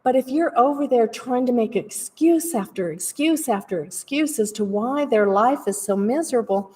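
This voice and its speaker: A woman's voice: on the high side, normal speed, a little mellow, recorded from a distance. A woman giving a casual, rambling spiritual talk in an earnest way as a practitioner. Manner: rambling, earnest, laughs while telling stories.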